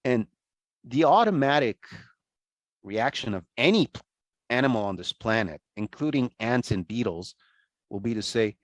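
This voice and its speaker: A man giving an online lecture over a video call, talking in a conversational, animated way with many restarts and asides. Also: medium pitch, normal speed, pauses often, no room sound.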